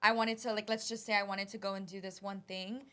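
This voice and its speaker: A woman co-hosting a casual podcast chat, encouraging and animated in her talk. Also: medium pitch, fairly quick.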